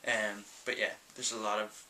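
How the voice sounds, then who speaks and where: A young Northern Irish man chats through viewer questions in a loose, rambling way, with plenty of ums. His voice is low-pitched but very bright and forward. A faint hiss sits under the recording. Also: level tone, normal speed, low-quality recording. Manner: chatty and rambling, many ums. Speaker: vlogger. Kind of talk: casual Q&A vlog.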